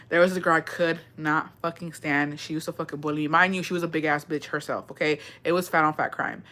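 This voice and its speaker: A woman's voice: deep voice, fairly even intonation, fast talker, hardly any pauses, bright, forceful tone. A woman in her thirties telling a gossipy, profane childhood story, dropping Spanish phrases into her talk. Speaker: storytime vlogger. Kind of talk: casual storytelling.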